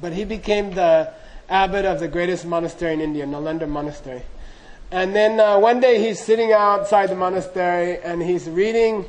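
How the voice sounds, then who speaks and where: A man with a fairly high voice tells a teaching story to a group, chatting casually. He keeps checking in with listeners through frequent asides and small laughs. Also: fairly quick, poor audio. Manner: chatty, full of "you know" asides, laughing. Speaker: dharma teacher. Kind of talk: storytelling talk.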